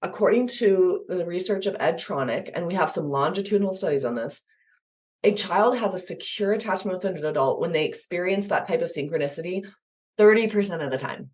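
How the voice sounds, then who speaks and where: Animated woman explaining attachment. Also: fairly low pitch, a little fast. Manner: animated, acts out examples in voices. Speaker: guest expert on attachment. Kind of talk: explaining in an interview.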